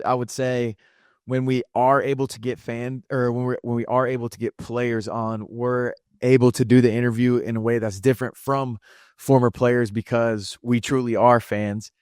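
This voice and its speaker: A man's voice: mid-range voice, little pitch movement, moderate pace, darkish tone, smooth, no echo, clean studio sound. A man co-hosting a casual tennis podcast, earnest and encouraging with a motivational tone. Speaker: podcast co-host.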